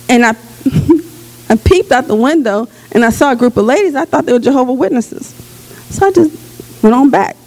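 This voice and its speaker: A woman with a high voice preaches a prophetic sermon with fervor. She repeats short phrases in a chanting call-and-response with her listeners. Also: lively intonation, normal speed, a little mellow. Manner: breaks into storytelling with laughter.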